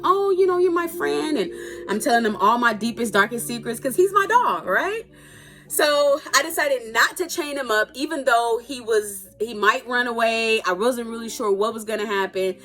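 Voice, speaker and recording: Woman telling an animated story over faint music. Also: a little high. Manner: animated, dramatic retelling with playful asides and laughs. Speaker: storytime vlogger. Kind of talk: casual storytelling to camera.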